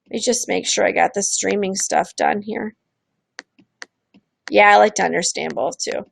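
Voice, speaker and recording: Gravelly-voiced woman hosting a casual stream. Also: mid-range voice, moderate pace. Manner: candid, acts out quoted voices, frequent restarts. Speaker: host of a streamed show. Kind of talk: casual explanatory talk.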